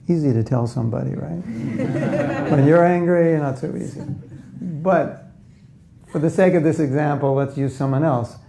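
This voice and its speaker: A man's voice: fairly high pitch, moderate pace, creaky, warm tone. A man giving a conversational spiritual talk to a live audience, often asking them questions and acting out inner voices. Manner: acts out inner voices in quotes. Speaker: spiritual teacher.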